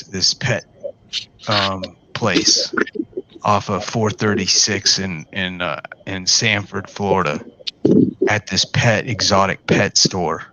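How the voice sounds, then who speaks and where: A man's voice: lowish voice, sharp tone. A man casually telling a long, profane story to friends, laughing often as he talks. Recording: dull lo-fi sound with faint noise.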